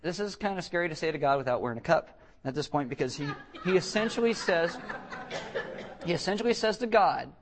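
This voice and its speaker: Animated joking male pastor preaching. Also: a little high, fairly quick, a little hiss or hum. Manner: animated, joking, acts out quotes in voices. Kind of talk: sermon.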